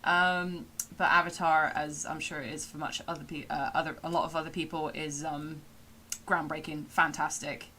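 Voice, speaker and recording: A woman's voice: low-pitched, level tone, normal speed, pushed and bright, slight background noise. A woman from England with a Somerset accent, chatting casually on a live stream, rambling with many fillers and laughs. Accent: Somerset English. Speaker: streamer and voice actor.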